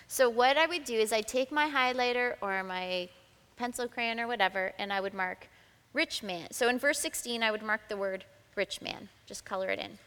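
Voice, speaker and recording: A woman's voice: a little high, a bit bright, long reverb tail. A woman leading a group Bible study, explaining each step and reading scripture aloud. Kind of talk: teaching a group study session.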